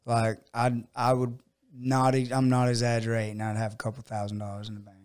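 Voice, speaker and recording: A man's voice: medium pitch, monotone, a little fast, a little mellow, clear, resonant tone. A man who owns a jiu-jitsu gym, speaking in an earnest, chatty way. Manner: earnest, chatty, interjects with agreement. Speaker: gym owner. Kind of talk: casual conversation.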